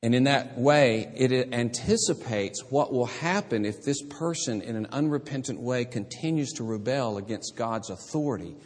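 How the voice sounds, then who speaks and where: A man's voice: mid-range voice, animated, normal speed, few pauses, darkish tone. A man preaching as a pastor, teaching carefully through a Bible passage and often restarting his words. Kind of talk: expository sermon. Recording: husky voice in a reverberant hall.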